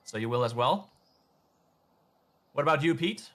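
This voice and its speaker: Lively-pitched man narrating as game master. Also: unhurried. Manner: relaxed narration with fillers.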